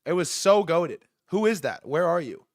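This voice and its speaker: A man hosting a casual livestream from outdoors, excitable and profane, rambling with many restarts. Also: on the high side, moderate pace. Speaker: livestream host. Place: outdoors in New York City.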